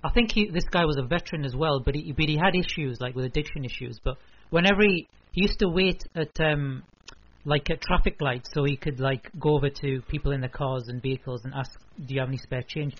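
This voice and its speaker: Quick, husky-voiced man, hesitant guest on a talk show, dull lo-fi sound. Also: a little high. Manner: hesitant, trails off mid-sentence. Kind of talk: casual chat. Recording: dull lo-fi recording.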